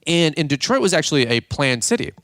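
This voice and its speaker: Animated man telling a story. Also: fairly high pitch, a little fast, no echo, studio quality. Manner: animated, jokey, acts out quoted voices. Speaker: podcast host. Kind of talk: casual storytelling.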